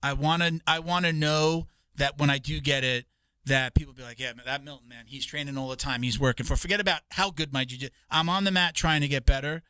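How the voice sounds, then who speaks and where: A man's voice: fairly high pitch, fairly even intonation, fairly quick, pushed and bright, clean tone, dry recording. A man co-hosting a podcast, talking casually and rambling, swearing and restarting his sentences often. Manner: rambling, profane, with many restarts.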